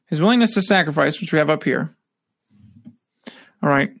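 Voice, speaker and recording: A man's voice: fairly high pitch, expressive, normal speed, creaky, fairly bright tone, no room sound, studio quality. A man teaching a scripture lesson, reading verses aloud and then commenting on them.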